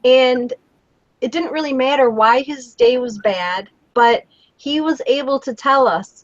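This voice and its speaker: A woman's voice: sits high, unhurried, dry recording, highs cut off. A woman co-hosting a casual live show, telling stories and encouraging kindness in an earnest way. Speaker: co-host of a daily live show. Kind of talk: casual live-stream chat.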